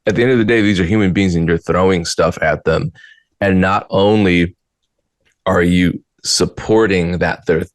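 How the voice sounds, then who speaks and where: A man's voice: deep voice, no echo. A man hosting a casual podcast, talking bluntly and with exasperation, sometimes mocking. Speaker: podcast host. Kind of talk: casual commentary.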